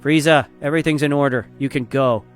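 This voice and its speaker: A man's voice: on the high side, fairly even intonation, fairly quick, faint music behind, close to an everyday voice. A man voicing a good-natured, easygoing male warrior hero who speaks reassuringly.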